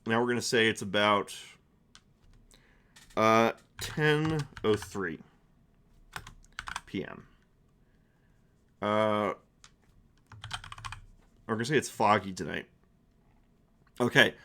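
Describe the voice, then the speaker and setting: A man's voice: on the low side, slow, pauses often, pushed and bright, a little hiss or hum. A man streaming as game master, narrating a tabletop game in a rambling, playful way. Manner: rambling and playful, with many restarts and fillers.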